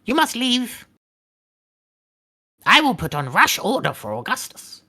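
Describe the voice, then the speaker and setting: Woman voicing a curt, formal male artificer for a tabletop game; very animated pitch. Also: measured pace, full character voice. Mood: blunt. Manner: stiff formal speech without contractions.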